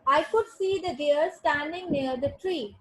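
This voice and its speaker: A woman teaches a grammar class in a high, clear voice. She talks patiently, repeats each sentence and spells words out letter by letter. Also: unhurried, rough recording. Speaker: English teacher. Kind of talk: online grammar lesson.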